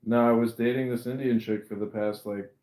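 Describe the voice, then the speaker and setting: A man chatting casually on a podcast, animated and swearing freely. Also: medium pitch, fairly quick, reverberant, poor audio.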